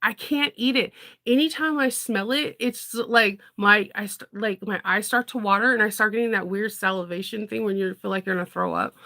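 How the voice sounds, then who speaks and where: Woman content creator, casual rambling chat, bright tone with some fry. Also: mid-range voice. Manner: rambling, frequent laughter, animated storytelling.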